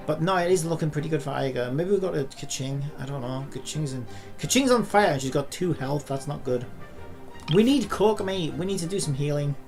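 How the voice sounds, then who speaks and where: Dude streaming a card game, keeps cussing out the game, kinda high voice. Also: male voice, a little mellow. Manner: frustrated, swears a lot, rants at the game. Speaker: gaming streamer. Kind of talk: live gameplay commentary.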